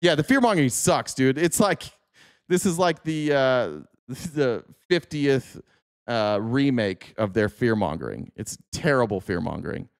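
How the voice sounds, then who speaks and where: A man hosts a casual political livestream, reacting to clips with animated, sarcastic commentary and frequent swearing. His voice sits at a middle pitch. The sound is dry and close, with little room echo. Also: a little slow, creaky.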